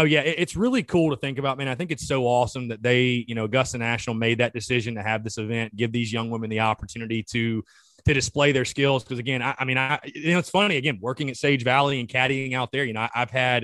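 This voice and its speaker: A man, hosting a podcast in a relaxed, casual chat and often repeating his words. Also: mid-range voice, quick pace, no room sound. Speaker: podcast host.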